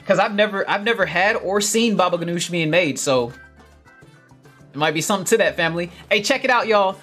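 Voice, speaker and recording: With his voice sitting high and a brisk pace, a man chats energetically on a casual gardening livestream, reading comments aloud. He laughs often, calls his viewers family, and soft background music runs underneath.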